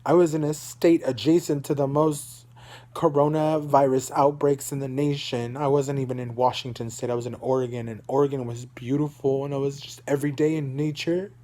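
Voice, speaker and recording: A man's voice: mid-range voice, fairly even intonation, fairly quick, warm tone. A young man from Dallas, Texas, telling a personal story in a rambling, emotional way, repeating himself and swearing. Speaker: vlogger.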